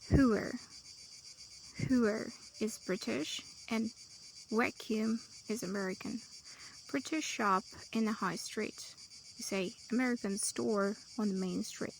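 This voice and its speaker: Woman English tutor, unhurried, gravelly fry, light hiss behind. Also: mid-range voice, steady tone, rough recording. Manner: slow, listing word pairs with pauses. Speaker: English teacher. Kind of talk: vocabulary lesson.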